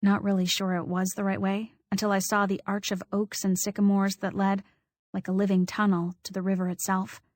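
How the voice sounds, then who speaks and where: A woman narrating a first-person audiobook, telling the story in a measured, wry way. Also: medium pitch, level tone, no echo.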